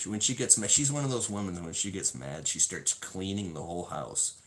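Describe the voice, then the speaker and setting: A man's voice: low voice, big pitch swings, normal speed, hardly any pauses, fairly bright tone, rough recording. A man reading from a self-help book to his viewers, then drifting into a rambling, self-mocking story with lots of swearing. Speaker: self-help video host. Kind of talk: casual reading and storytelling to camera.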